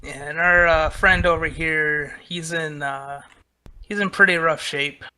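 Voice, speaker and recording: Easygoing male player, higher voice, sharp and gravelly. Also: steady tone, unhurried. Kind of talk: tabletop role-play.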